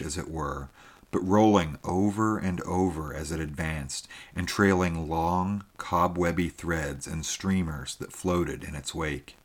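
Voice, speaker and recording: Deep-voiced male storyteller. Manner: measured, steady storytelling. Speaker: audiobook narrator. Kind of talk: scripted narration.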